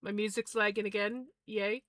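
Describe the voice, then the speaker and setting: A woman's voice: medium pitch, expressive, a little slow, a bit bright, dry recording. A woman chatting casually on a livestream while spinning yarn, easygoing and a bit scattered as she talks to her viewers.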